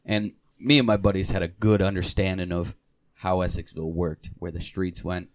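A man's voice: sits low, level tone, moderate pace, dry recording, clean studio sound. A young man from Michigan hosting a casual podcast chat, rambling through a drinking story and laughing as he swears. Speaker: podcast host.

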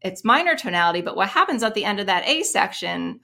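A woman piano teacher explaining her methods in an interview, animated and singing short rhythm syllables to demonstrate. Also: medium pitch, brisk, creaky, hardly any pauses. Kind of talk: interview explanation with sung examples.

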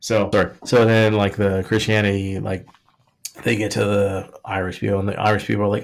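A man co-hosting a podcast rambles jokily through a history topic, peppering his casual chat with "like" and frequent restarts. His lowish voice is creaky and level in tone, moving at a brisk pace.

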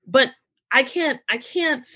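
A woman guest on a podcast, in casual, animated conversation, talking in quick bursts and restarting her sentences often. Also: sits high, husky. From United States. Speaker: podcast guest, founder of a mental health community.

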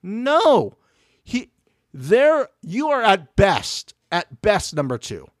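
A man co-hosting a casual reality TV recap podcast, animated and profane, acting out the show's people in quoted voices. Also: sits high, slow pace, no room sound, clean studio sound. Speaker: podcast co-host.

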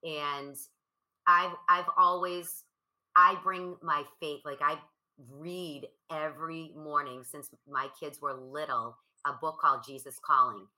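A middle-aged woman hosting a casual video-call chat, talking in a relaxed, candid way. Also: deep voice, slow, low-quality recording. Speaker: host.

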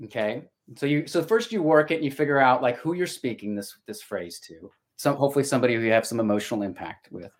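A man's voice: medium pitch, lively intonation, fast talker, hardly any pauses. A middle-aged man and voice actor talking casually as a podcast guest, reflective and storytelling, often restarting his sentences. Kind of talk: casual conversation.

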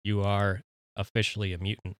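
A man's voice: fairly low pitch, little pitch movement, moderate pace, fairly bright tone, no echo. A man from Minnesota co-hosting a podcast, chatting in an easygoing, dry way. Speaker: podcast co-host. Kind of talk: casual chat.

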